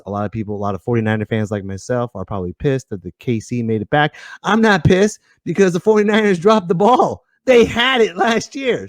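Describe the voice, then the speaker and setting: A man's voice: medium pitch, dry recording, studio quality. A middle-aged man hosting a live podcast in casual chat, joking and laughing often. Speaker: podcast host.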